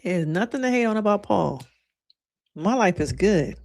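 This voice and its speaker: A woman who is a licensed therapist giving casual reaction commentary to her viewers, chatty and animated, often acting out what others said. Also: medium pitch, moderate pace, gravelly. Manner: chatty and animated, addresses viewers as y'all, acts out quotes.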